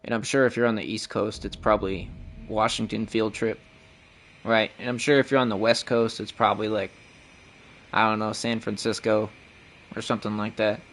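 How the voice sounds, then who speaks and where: Fairly low in pitch with a flat delivery, normal speed and a fairly bright tone, a young Midwestern man plays a game live. He talks to his chat casually, rambling and cursing freely.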